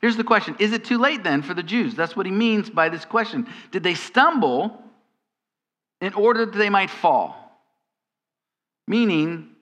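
A man's voice: high voice, a bit bright. A man preaching a sermon as pastor, in a conversational style that turns to emphatic questions. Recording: long hall reverb.

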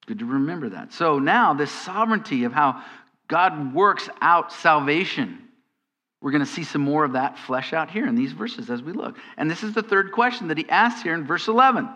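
A man's voice: a little high, expressive, moderate pace, sharp tone, muffled recording. A man preaching a sermon as pastor, in a conversational style that turns to emphatic questions. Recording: long hall reverb.

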